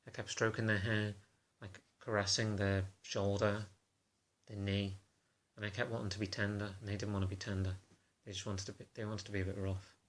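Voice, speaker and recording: A man talking to camera in a confessional vlog, halting and self-conscious in a subdued, low-key way. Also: level tone. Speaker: vlogger.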